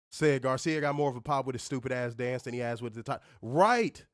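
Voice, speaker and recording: A man hosting a podcast, ranting in an animated, profane, casual way. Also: medium pitch, a little fast, few pauses, no room sound, clean studio sound. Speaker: podcast host. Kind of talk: casual chat.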